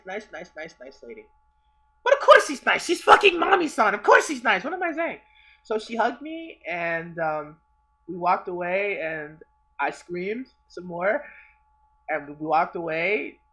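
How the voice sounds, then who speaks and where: Rambling young man, bright voice. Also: fairly high pitch. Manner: rambling, stammering, repeats himself, swears a lot. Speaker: vlogger telling a personal story. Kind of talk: casual storytelling.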